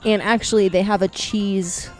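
A woman co-hosting a casual podcast, chatting and reading food and drink items slowly and carefully, recorded outdoors. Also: mid-range voice, fairly even intonation, a little mellow, faint music behind. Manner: chatty, reads item names slowly and carefully. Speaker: podcast co-host. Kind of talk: casual chat reading a menu. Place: outdoors at home.

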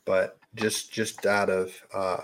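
A man with a low voice co-hosts a relaxed sports podcast. He talks in stops and restarts and laughs easily. He sounds loose and unhurried. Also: slight background noise. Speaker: podcast co-host. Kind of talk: casual sports chat.

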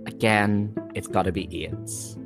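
A man's voice: fairly low pitch, fairly even intonation, measured pace, gravelly, music in the background. A man, a podcast guest, chatting playfully and theatrically. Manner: playful, theatrical, bursts into quoted voices. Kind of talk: casual chat.

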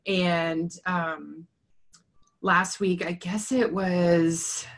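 A woman's voice: lowish voice, flat delivery, drawn-out words. A young adult woman, a therapist, chatting casually and rambling through a story, laughing often. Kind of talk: casual chat.

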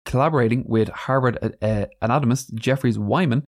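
A man's voice: mid-range voice, brisk, darkish tone. A man co-hosting a podcast, telling facts in a loose, chatty way with asides. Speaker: podcast co-host. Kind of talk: casual storytelling chat.

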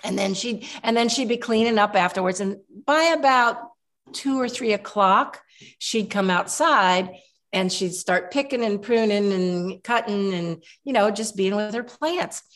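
A woman in her seventies, a guest herbalist, telling long rambling stories in a relaxed interview, with many restarts. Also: mid-range voice, measured pace. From Kentucky.

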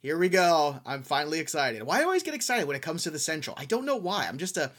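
A man co-hosting a sports betting podcast, chatting casually and getting enthusiastic and jokey about his picks. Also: a little high. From American Midwest. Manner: enthusiastic, animated, quick to joke.

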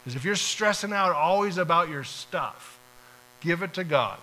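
A man's voice: fairly high pitch, lively intonation, normal speed, pushed and bright, rough recording. A man preaching a sermon, talking casually and acting out short prayers and dialogues. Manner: conversational, acts out little prayers and dialogues. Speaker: pastor.

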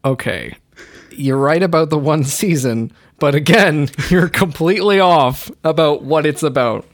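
Guy hosting a silly tv quiz, kinda high voice, teasing and laughing a lot. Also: measured pace. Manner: teasing, laughs often, swears casually. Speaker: podcast co-host running a TV quiz. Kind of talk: casual chat.

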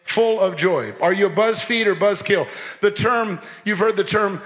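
A man preaching a lively sermon as pastor, joking and mimicking people as he talks. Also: high-pitched, moderate pace. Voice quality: animated, playful, mimics people. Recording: long hall reverb.

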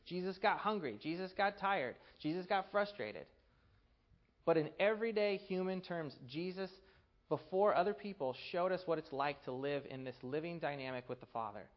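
A man preaching a sermon, earnest, building to emphatic peaks and dropping to a hushed voice to tell a story. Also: on the high side, animated, moderate pace, muffled recording.

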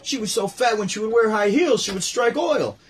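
A man putting on a brash male stand-up comic, firing off punchlines in a punchy, exclaiming delivery with a husky voice. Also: sits high, lively intonation, moderate pace, voice pushed up. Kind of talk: stand-up impression.

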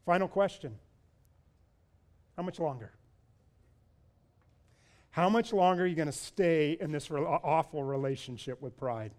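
A man with a high voice delivers a sermon as pastor. He leans on rhetorical questions and stacks repeated phrases that climb to loud, urgent appeals. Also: measured pace, pauses often.

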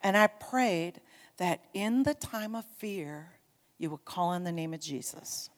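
A woman preaching a sermon, telling a story with animated emphasis and urging her congregation on. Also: lowish voice, a little slow, long reverb tail. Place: church sanctuary.

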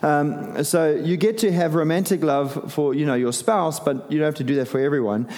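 A middle-aged man, a pastor, preaching a sermon in a casual, conversational way with animated turns and self-deprecating asides. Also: fairly high pitch, moderate pace. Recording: long hall reverb.

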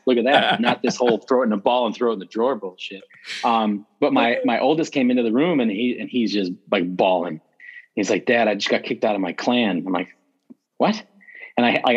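Husky low-voiced man, blunt and profane. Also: lo-fi sound. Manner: blunt, profane and animated storytelling. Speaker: podcast guest. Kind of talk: casual conversational interview.

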